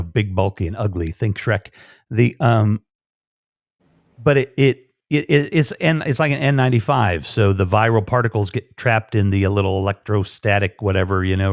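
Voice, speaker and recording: A man's voice: fairly low pitch, no echo. Rambling man on a dull lo-fi stream. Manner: rambling, with many fillers and restarts. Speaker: live-stream host. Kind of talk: casual live-stream chat.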